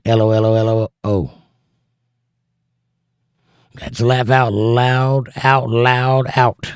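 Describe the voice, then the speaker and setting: A man whose voice sits on the low side and sounds a little mellow reads viewer comments aloud during a casual livestream, answering with wry, joking asides. The audio is studio quality with no echo.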